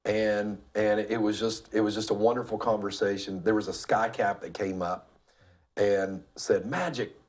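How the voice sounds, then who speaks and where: A middle-aged man from Tennessee, a guest telling stories in a casual interview, lively and full of stammered restarts. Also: fairly low pitch, moderate pace. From Cleveland, Tennessee. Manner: animated storyteller who acts out other people's voices, with frequent stammered restarts. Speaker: guest, real estate developer. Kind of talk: casual storytelling in a talk show interview.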